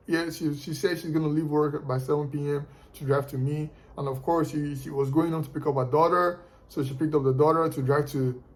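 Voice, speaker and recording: A man's voice: fairly high pitch, darkish tone, low-quality recording. A man telling a story casually to his viewers, often repeating and restarting words as he goes. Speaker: car flipper sharing tips.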